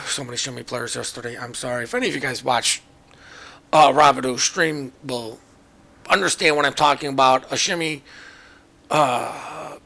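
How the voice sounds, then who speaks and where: A man's voice: medium pitch, normal speed, vocal fry, sharp tone. A man giving casual, joking commentary over his own naval battle game footage, chatty and self-mocking. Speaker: gameplay commentator.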